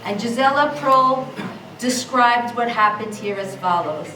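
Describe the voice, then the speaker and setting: A woman guiding a tour, telling a story in a calm, measured way. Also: on the high side, a little hiss or hum. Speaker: tour guide. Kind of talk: guided tour talk. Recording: echoey, from a distance.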